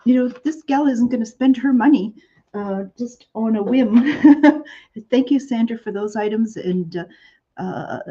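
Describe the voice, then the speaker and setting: A woman's voice: a little high, a little slow, mellow, muffled recording. Chatty woman hosting a shopping show. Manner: chatty, rambling with many fillers. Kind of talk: live shopping show chat.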